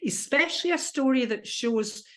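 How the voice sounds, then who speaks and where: A British woman coaching people on how to present, talking with animated energy. Her voice sits fairly high for a woman, and she runs through vocal exercises as she teaches. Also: moderate pace. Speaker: NLP coach and trainer.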